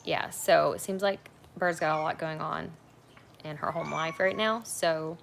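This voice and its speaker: A woman's voice: low voice, steady tone, unhurried, creaky, slight background noise. A young woman hosting a casual livestream from her couch at home on her phone, talking frankly with lots of fillers. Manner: chatty, frank, rambling with fillers. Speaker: livestream host.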